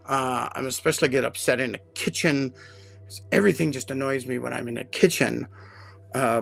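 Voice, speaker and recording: A man hosting a live podcast, telling a personal story in an emotional, animated way with many fillers. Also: mid-range voice, creaky. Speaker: podcast host.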